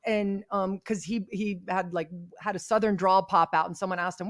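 A woman's voice: medium pitch, fairly even intonation, brisk, few pauses. A middle-aged woman co-hosting a podcast, chatting casually with a wry, storytelling manner. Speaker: podcast co-host.

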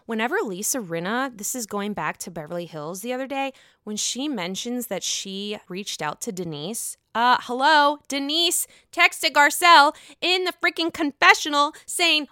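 Young woman, sassy gossip recapper; high, lively, crisp voice, dry close sound. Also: a little slow, no echo. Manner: gossipy, sassy, swears freely, acts out quotes. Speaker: reality TV recap host. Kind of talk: casual chat.

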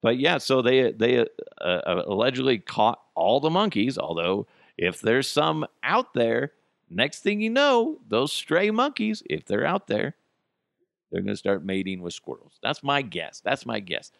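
A man's voice: medium pitch, very animated, measured pace, vocal fry, dry recording, clean studio sound. A male podcast host delivering a comedic news rant, profane and sarcastic, wandering off on tangents. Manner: tangents and laughter-breaks.

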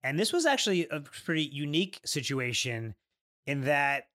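A man from New York co-hosting a casual podcast, animated and quick to get riled up. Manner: animated, jumps up in pitch when riled up. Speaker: podcast co-host. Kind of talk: casual chat.

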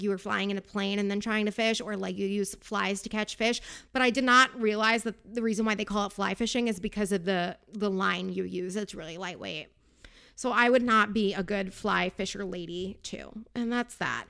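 A woman's voice: medium pitch, fairly bright tone, smooth. A woman chatting casually as she recaps a reality show, gossipy, with sarcastic asides.

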